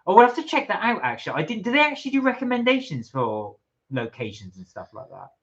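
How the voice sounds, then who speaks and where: A man's voice: sits high, quick pace. British man reading out viewer comments. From Britain. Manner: relaxed, reads out comments, short reactions. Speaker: live stream co-host reading viewer comments. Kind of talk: casual chat. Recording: dull lo-fi live stream audio.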